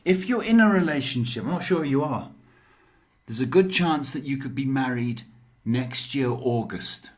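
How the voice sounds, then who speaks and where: A man hosting a live psychic tarot stream, giving slow, measured advice with frequent pauses. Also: medium pitch, animated. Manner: slow, measured, motivational advice with many ums. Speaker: psychic tarot reader and host.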